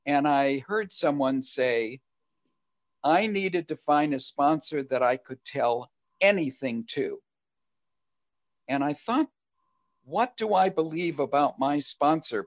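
Slow, earnest older man, lo-fi sound. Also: mid-range voice, no echo. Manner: earnest, reflective, halting. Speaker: guest speaker. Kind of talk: answering questions at a recovery meeting. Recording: dull lo-fi recording.

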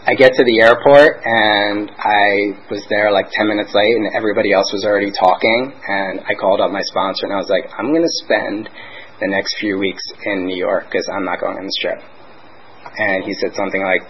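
A man's voice: fairly low pitch, steady tone, a little fast. A young man candidly sharing his recovery story at a twelve-step meeting, talking conversationally with lots of "like" and "you know". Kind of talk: personal recovery share. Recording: dull lo-fi recording with faint noise.

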